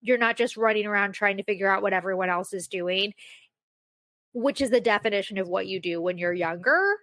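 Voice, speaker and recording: A woman's voice: mid-range voice, a little fast, a bit bright, no room sound. A young woman hosting a casual solo podcast, telling a self-mocking story with lots of fillers. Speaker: podcast host.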